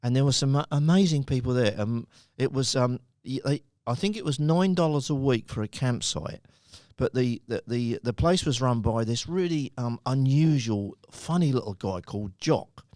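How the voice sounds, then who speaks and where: A man's voice: medium pitch, lively intonation, normal speed, hardly any pauses, darkish tone, no room sound, studio quality. A man in his sixties from the United Kingdom, a podcast guest telling long, rambling anecdotes with frequent chuckles. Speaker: podcast guest, company founder. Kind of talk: casual storytelling.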